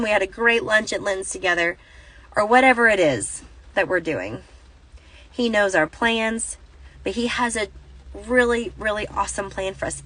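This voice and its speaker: A woman's voice: mid-range voice, a bit bright, dry recording, rough recording. A woman in her thirties telling a rambling, self-correcting story in a casual vlog, recorded on a phone inside a parked car. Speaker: Christian vlogger.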